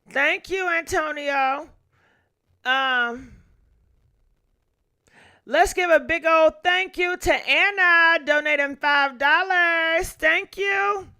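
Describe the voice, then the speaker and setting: A woman's voice: high voice, pushed and bright. A woman hosting a casual livestream, venting with irritation about troll callers, cursing freely and thanking donors by name. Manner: profane, drawn-out thank-yous. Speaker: YouTube livestream host.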